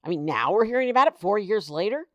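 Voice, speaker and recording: A woman's voice: medium pitch, expressive, fast, fairly bright tone, no echo, studio quality. A woman hosting her own political commentary show, reading headlines aloud and reacting with indignant, exasperated disbelief. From United States.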